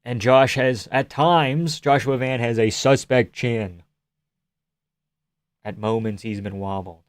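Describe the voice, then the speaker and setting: A man's voice: medium pitch, steady tone, slow, clear, resonant tone, dry recording, studio quality. A man hosting a live stream, casually and profanely analyzing fights and answering chat questions.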